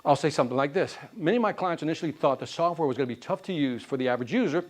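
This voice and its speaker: Animated man teaching a sales class. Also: on the high side, racing. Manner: animated, quizzing the class with call-and-response questions. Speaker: sales trainer. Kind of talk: live classroom sales training. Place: training class room.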